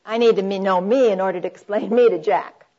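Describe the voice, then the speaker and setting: Middle-aged woman preaching on marriage to a crowd, earnest and warm, dull lo-fi tape. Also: medium pitch, a little fast. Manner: earnest, warm, addresses the audience as friends, quotes scripture. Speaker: speaker on Christian marriage. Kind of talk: sermon-style talk to a live audience.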